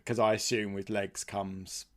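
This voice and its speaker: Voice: sits low, level tone, unhurried, a crowd in the background. A podcast co-host in casual film chat, rambling and curious, often laughing as he talks.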